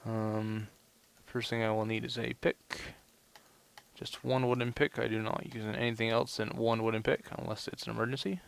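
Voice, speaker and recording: A man's voice: lowish voice, level tone, normal speed, vocal fry, smooth. A young man giving casual let's play commentary, rambling and full of "you know" fillers. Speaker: gameplay commentator.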